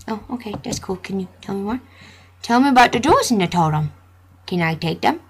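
A woman's voice: mid-range voice, lively intonation, fairly quick, husky. A young woman playfully commentating a computer game, joking and reading the dialogue aloud. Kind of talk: gameplay commentary.

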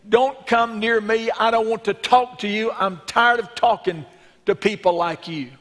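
A man's voice: high-pitched, steady tone, unhurried, fairly bright tone, pitched above the performer's own voice. A male preacher playing a bitter condemned prisoner who speaks in a curt, dismissive way. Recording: long reverb in a church sanctuary.

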